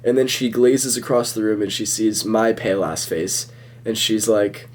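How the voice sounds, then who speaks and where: A young man with a slightly low voice answers viewer questions in a laid-back Q&A vlog. He rambles loosely and chuckles often. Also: moderate pace. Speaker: social media creator answering viewer questions. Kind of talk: casual Q&A vlog.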